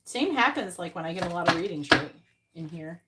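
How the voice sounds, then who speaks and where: A woman hosts a live tarot stream, talking with viewers in a casual, blunt way and swearing freely. Her voice sits on the low side with lively intonation, she speaks a little fast, and the recording is very noisy.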